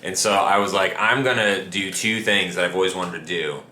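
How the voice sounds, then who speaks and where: A man's voice: deep voice, normal speed. A man co-host chatting casually, rambling with lots of "like" and "uh". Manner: relaxed rambling with fillers and restarts. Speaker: vlog co-host. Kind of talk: casual chat. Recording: echoey room, faint noise.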